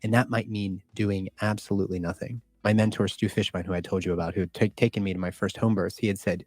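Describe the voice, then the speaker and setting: A man's voice: low-pitched, fairly even intonation, quick pace, few pauses, darkish tone, no echo. A man speaking as a guest doctor on a podcast, earnest and reflective, stressing points by repeating words. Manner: earnest, reflective, emphatic repetition. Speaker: guest OB-GYN. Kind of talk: podcast interview.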